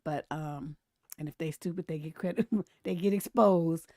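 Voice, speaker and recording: A woman's voice: deep voice, normal speed, no echo, clean studio sound. A woman over forty hosting a live stream, chatting casually about memes and posts and laughing often. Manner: chatty and animated, laughs often, reads comments aloud. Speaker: relationship coach and live-stream host.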